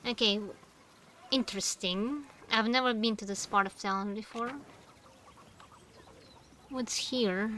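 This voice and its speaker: A woman playing a story game, musing to herself and reading its text aloud, sounding names out haltingly. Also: mid-range voice, bright, forceful tone, a little hiss or hum. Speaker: gamer.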